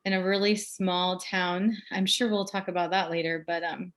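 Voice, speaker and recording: A woman's voice: on the low side, fairly even intonation, moderate pace. A woman from Missouri with a Midwestern accent, a friendly, easygoing podcast guest on a video call. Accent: Midwestern American. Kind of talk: casual interview chat.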